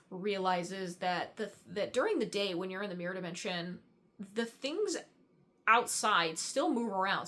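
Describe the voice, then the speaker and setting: A woman's voice: medium pitch, a bit bright. A young woman giving a casual, rambling book breakdown, chatty and full of fillers and swearing. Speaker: book reviewer.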